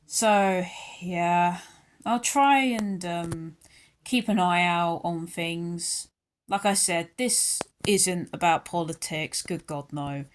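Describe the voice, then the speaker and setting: A young British woman ranting angrily into her channel's camera, sarcastic and worked up, her pitch jumping up and down as she talks. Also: takes it slowly. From United Kingdom. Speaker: YouTuber. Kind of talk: ranting vlog commentary.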